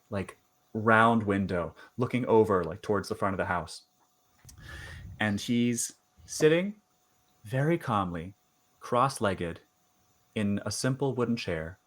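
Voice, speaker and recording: A man narrating as game master of a tabletop horror game, halting with many fillers. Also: fairly low pitch. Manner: halting, lots of fillers and restarts.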